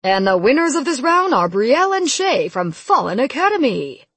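A woman voicing a booming arena fight announcer with drawn-out showman delivery in a storybook reading. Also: big pitch swings, a bit bright, slightly rough, no room sound, exaggerated voice.

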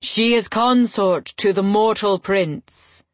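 A woman voicing a calm, commanding golden fae lord who speaks slowly and softly. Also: mid-range voice, dry recording, lightly acted. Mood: measured.

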